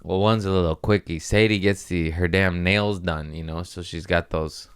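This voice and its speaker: A man hosting a podcast, telling crude, rambling comic stories, laughing at his own jokes and jumping into high mocking voices when he quotes people. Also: fairly even intonation, moderate pace, smooth, no echo. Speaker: podcast host. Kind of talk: casual comedic storytelling.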